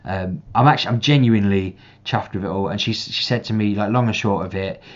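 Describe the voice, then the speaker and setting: Deep-voiced man, rambling vlog chat. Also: a little fast, highs cut off. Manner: rambling, restarts often, animated when reenacting. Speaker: parent vlogger. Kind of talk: casual chat to camera.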